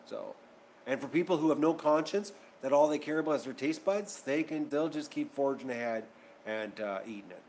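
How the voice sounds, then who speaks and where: A man hosting his channel speaks in a fairly high yet darkish voice, animated and at normal speed, over slight background noise. Chatting casually with viewers, he grows worked up and rambles repetitively.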